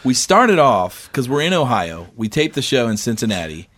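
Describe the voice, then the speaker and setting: A man's voice: mid-range voice, sing-song, normal speed, a bit bright. A man, co-hosting a podcast in a rambling, chatty way. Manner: rambling, chatty, joking about bourbon. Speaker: podcast co-host. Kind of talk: casual podcast chat.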